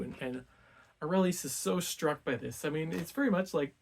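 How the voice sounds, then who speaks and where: A man's voice: fairly high pitch, a little fast, vocal fry, slightly rough. A man hosting a book club video, casually retelling a classic story in laid-back speech full of "like".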